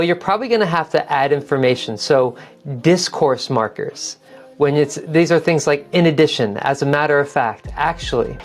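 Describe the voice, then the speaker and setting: A woman's voice: low voice, a little mellow. A woman teaching an online test-prep lesson, practical and encouraging, repeating key phrases to model how they should sound. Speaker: TOEFL teacher.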